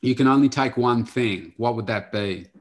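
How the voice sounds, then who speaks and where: A male podcast host in a casual chat, asking quick-fire questions. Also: medium pitch.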